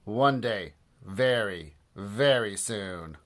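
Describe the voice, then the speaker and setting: A mean, sour old school principal, as a male storybook reader puts him on, drawing out his words in a slow, grumbling threat. His voice moves up and down in pitch. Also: lively intonation, a bit bright, exaggerated voice. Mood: menacing.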